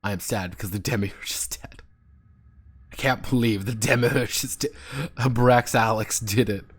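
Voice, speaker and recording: A man's voice: lowish voice, steady tone, moderate pace. A man streaming a video game, commenting sarcastically and swearing as he rambles through the playthrough. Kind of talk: live gameplay commentary.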